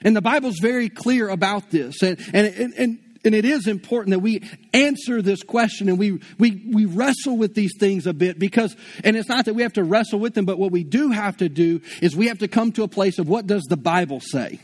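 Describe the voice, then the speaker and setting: A man's voice: sits high, fairly quick. A pastor preaching a sermon in a conversational way, asking rhetorical questions and often repeating words as he goes.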